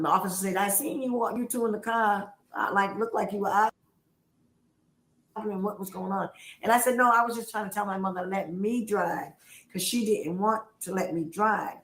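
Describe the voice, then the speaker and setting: A woman's voice: mid-range voice, a bit bright. A woman on a livestream telling a family story with emphasis, acting out the voices of the people she quotes. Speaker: guest on a livestream. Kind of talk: animated storytelling. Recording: roomy echo.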